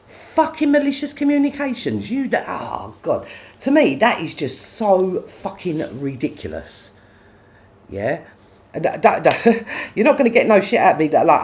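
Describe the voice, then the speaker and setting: A livestreamer in an angry, profane rant, firing off confrontational questions. The voice sits mid-pitch and leaps wildly up and down as the anger flares. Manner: profane, confrontational, repeats "yeah?".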